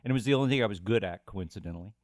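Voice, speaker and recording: A man's voice: lowish voice, very fast, darkish tone, no room sound, clean studio sound. A man from the United States hosting a podcast, bantering in a playful, self-mocking way. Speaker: podcast host. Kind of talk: casual podcast chat.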